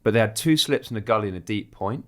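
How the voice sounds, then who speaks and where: A man from England co-hosting, chatting in a relaxed, reflective way. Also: fairly low pitch, fast. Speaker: podcast co-host. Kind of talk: casual chat.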